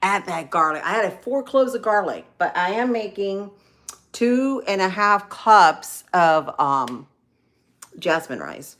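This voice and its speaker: A middle-aged woman talks to her live viewers as she cooks in her kitchen, rambling from one errand to the next. Her voice sits a little low and is full of fillers and asides. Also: lively intonation, a little slow, fairly bright tone. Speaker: cooking vlogger on a live stream. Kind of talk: casual chat while cooking. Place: home kitchen.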